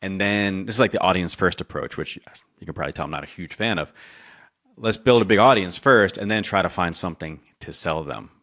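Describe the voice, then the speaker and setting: A man's voice: deep voice, brisk, fairly bright tone. A man speaking as a consultant guest in a casual interview, talking animatedly with many restarts and acting out quotes.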